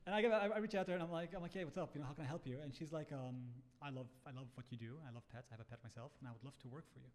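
A man's voice: on the high side, very fast, few pauses. A man, a startup founder, telling a story in casual chat, acting out quotes and swearing freely. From Bahrain.

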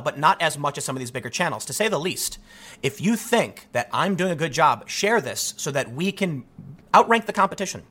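A man delivering solo political commentary, talking in rapid bursts with frequent restarts. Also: a little high. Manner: animated, rapid-fire talk with frequent restarts.

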